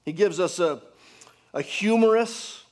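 Slow, high-voiced man preaching a sermon. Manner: earnest preaching, rises and drops to hushed emphasis; rhetorical questions to the congregation. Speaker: pastor.

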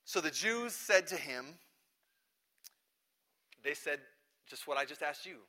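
A man preaching a sermon in a church, talking conversationally and swinging between loud emphatic lines and quiet asides. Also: fairly high pitch, lively intonation, slow pace. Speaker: pastor.

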